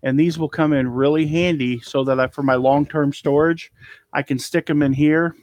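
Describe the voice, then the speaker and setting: A man's voice: on the high side, fairly even intonation, normal speed, darkish tone, dry recording. A man chatting casually as an online reseller, rambling through his haul and trailing off with ums. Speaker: eBay reseller showing a haul. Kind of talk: casual live haul chat. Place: cluttered storage room indoors.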